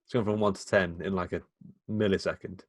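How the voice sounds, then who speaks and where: A man's voice: deep voice, steady tone, brisk, dry recording. A man with a Midlands accent co-hosting a podcast, chatting casually about a film, rambling and laughing often. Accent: English Midlands. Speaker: podcast co-host.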